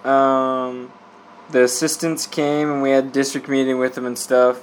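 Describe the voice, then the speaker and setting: A man's voice: medium pitch, flat delivery, unhurried, a little hiss or hum. A young man, a missionary, telling a rambling casual story with lots of filler words and frequent laughter. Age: young adult.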